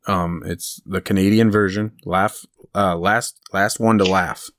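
A man's voice: deep voice, steady tone, measured pace, a bit bright. A man co-hosting a podcast in casual chat, rambling through stories and laughing at his own jokes. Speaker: podcast co-host.

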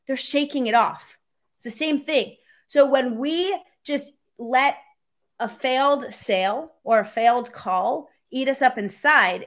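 A fairly high-voiced woman talks through sales advice as an interview guest. She tells stories with energy and jumps into little acted-out voices when she quotes people. Her delivery is conversational and animated.

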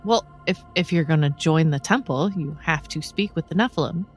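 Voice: medium pitch, normal speed, faint music behind. A player speaking in character during a tabletop game, casual and hesitant. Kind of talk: casual tabletop role-play.

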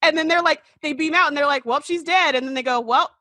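High, bright, husky woman, sarcastic. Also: no echo, studio quality. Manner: sarcastic, acts out scenes in quick asides. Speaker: podcast co-host. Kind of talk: casual chat.

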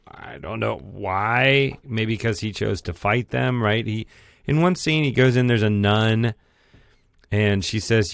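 Slow, deep-voiced man recounting a plot. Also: vocal fry, no room sound. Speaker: podcast co-host. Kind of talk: casual film review chat.

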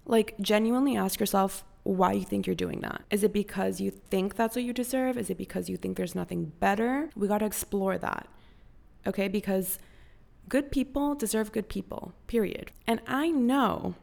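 A woman's voice: mid-range voice, normal speed, creaky, a little mellow. A young woman from Costa Rica hosting a podcast, giving casual motivational advice in a frank, profane, pep-talk manner. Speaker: podcast host.

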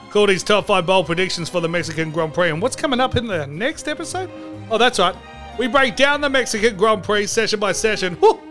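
Male podcast host, high and bright, goofy rambling monologue. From Australia. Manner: jokey, rambling, mock-dramatic. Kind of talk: comedic sports podcast monologue.

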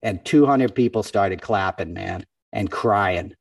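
A man's voice: lowish voice, slow pace, gravelly, no room sound, far from the mic. A man and comedian guest telling a story in casual conversation, acting out other people's voices as he goes. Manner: animated, acts out other people's voices in stories. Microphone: podcast microphone.

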